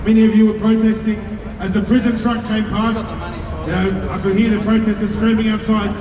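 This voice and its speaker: A man's voice: high voice, little pitch movement, brisk. A man speaking to an outdoor city rally, wry and defiant, with jokes and asides. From Australia. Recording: echoey, far-off, dull outdoor audio with crowd and noise.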